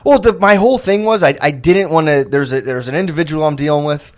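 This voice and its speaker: A man's voice: on the high side, fast talker. A man talking as a podcast guest in casual chat, rambling and self-deprecating, calling himself sensitive.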